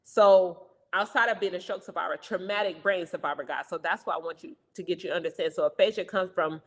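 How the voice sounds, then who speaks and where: A young woman co-hosting a casual talk show, talking fast and loudly in an animated, energetic way. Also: lowish voice, long reverb tail. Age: young adult. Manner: fast, loud, animated talker. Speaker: co-host, stroke survivor. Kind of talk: casual chat.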